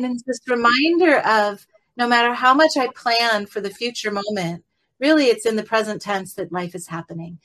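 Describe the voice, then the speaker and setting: A woman teacher leading a guided meditation in a gentle, rambling way, often adding "right?" and slowing down and softening as she guides the breathing. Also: mid-range voice. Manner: rambling, with many fillers and tag "right?".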